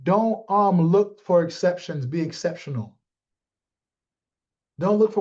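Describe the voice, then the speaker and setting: Animated high-voiced man rallying his team. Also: moderate pace, pauses often, dull audio. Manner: animated, streetwise, addresses audience by name. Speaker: team leader. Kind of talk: motivational team talk.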